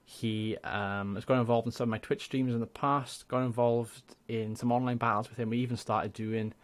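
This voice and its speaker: A young man with a Welsh accent, a gaming YouTuber chatting casually and rambling through channel shout-outs. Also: mid-range voice, steady tone, normal speed. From Wales. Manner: chatty, rambling, laughs often.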